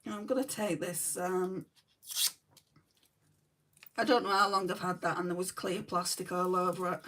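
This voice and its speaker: A woman's voice: fairly low pitch, flat delivery, normal speed, fairly bright tone, far from the mic, slight background noise. A woman with a New Zealand accent hosting a casual makeup livestream, chatting and answering viewer comments as she does her makeup. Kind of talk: casual chat reading live comments.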